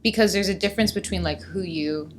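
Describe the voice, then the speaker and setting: A woman's voice: fairly low pitch, quick pace, slight background noise. A woman in her twenties, a guest musician, chatting casually and thoughtfully in an interview, often saying "like" and "whatnot.". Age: 20s. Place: Los Angeles.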